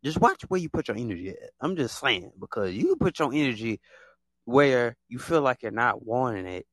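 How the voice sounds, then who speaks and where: A man's voice: medium pitch, normal speed, slightly rough, no echo. A man hosting a podcast, talking casually and at length to his listeners, rambling and repeating himself with many fillers. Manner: rambling and animated, heavy on fillers and repetition. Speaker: podcast host.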